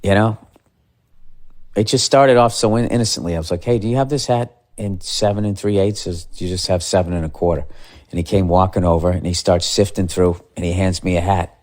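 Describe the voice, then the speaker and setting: A man's voice: low voice, a little mellow. A man in his fifties ranting casually as a podcast host, profane and exasperated. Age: 50s. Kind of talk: casual comedic rant.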